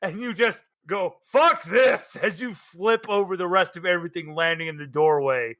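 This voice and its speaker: Bright-voiced man running a tabletop game. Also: sits high. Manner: laughing, animated, throws in quick character voices. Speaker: game master.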